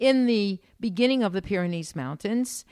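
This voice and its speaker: A woman's voice: medium pitch, expressive, normal speed, a little mellow, dry recording. Woman, American accent, teacherly explainer, casual podcast chat, fillers and restarts, dry close sound. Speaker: podcast co-host; former art school teacher.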